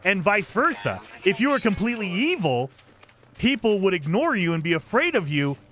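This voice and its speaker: A man's voice: high voice, big pitch swings, normal speed, a bit bright. A man hosting a game live stream, chatting casually and enthusiastically in a rambling way and thanking viewers for gifted memberships.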